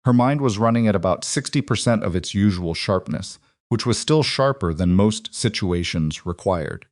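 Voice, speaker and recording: Man, story narration, calm, measured, low voice, dry sound. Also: no echo.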